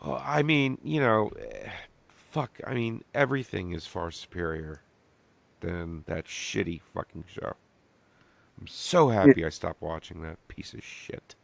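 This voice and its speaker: A man's voice: fairly low pitch, animated, measured pace, vocal fry, no room sound. A man guesting on a podcast, speaking bluntly and swearing a lot in casual chat. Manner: blunt and profane.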